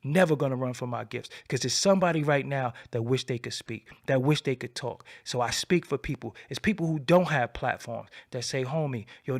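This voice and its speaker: A man hosting his own channel, delivering a defiant, boastful solo rant that swings between a low murmur and loud outbursts. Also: vocal fry. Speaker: channel host. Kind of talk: late-night solo rant to camera.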